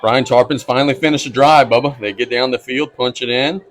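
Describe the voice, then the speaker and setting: A man calling play-by-play for a high school football game, brisk and easygoing, chuckling now and then. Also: fairly even intonation, low-quality recording. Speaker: play-by-play announcer.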